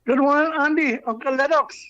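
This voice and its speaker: A Trinidadian woman calls in to a radio show and talks briskly. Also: sits high, a bit bright. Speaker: caller. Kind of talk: call-in radio chat. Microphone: telephone. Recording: muffled phone line with faint music.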